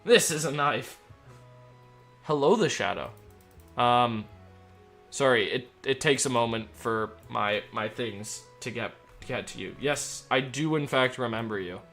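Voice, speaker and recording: A man's voice: medium pitch, measured pace, gravelly, a bit bright, faint music behind. A young man streaming, chatting casually while he plays, joking and rambling as he reads chat aloud.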